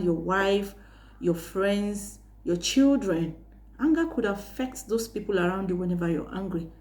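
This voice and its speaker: A woman's voice: mid-range voice, darkish tone. Earnest woman giving a faith-based talk. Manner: earnest, teaching tone with rhetorical questions; cites Bible verses, frequent "um" pauses. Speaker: host giving life advice.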